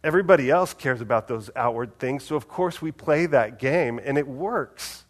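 A preacher delivers a sermon in a casual, animated, conversational style at a normal pace. His loudness rises and falls sharply, and when quoting someone he drops into a soft, low voice.

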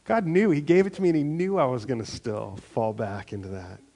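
A male pastor giving a conversational sermon, reading scripture and acting out little prayers and replies with animated asides. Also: mid-range voice, brisk.

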